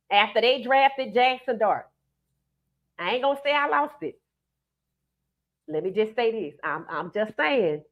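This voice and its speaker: A woman with a New Orleans accent hosting a live stream, giving emphatic, animated commentary and reading out viewer comments. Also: mid-range voice, muffled recording.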